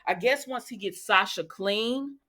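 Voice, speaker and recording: A woman hosting a casual soap opera recap, chatting and acting out the characters' lines with lively reactions. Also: mid-range voice, a little slow. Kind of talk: casual chat.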